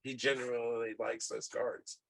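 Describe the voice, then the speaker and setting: A man's voice: mid-range voice, level tone, measured pace, gravelly, poor audio. Earnest man describing his character. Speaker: player.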